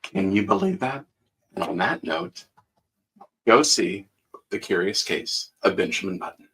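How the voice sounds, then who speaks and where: Bright, animated man in his fifties. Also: medium pitch, a little slow, vocal fry, low-quality recording. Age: 50s. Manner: enthusiastic, laughs easily. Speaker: co-host. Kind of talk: casual interview chat.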